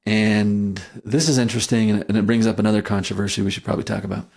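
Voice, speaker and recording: Low-voiced man co-hosting a history podcast. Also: steady tone, quick pace, gravelly, darkish tone. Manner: thoughtful, frequent restarts and "right?" checks. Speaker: podcast co-host. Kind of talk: casual history discussion.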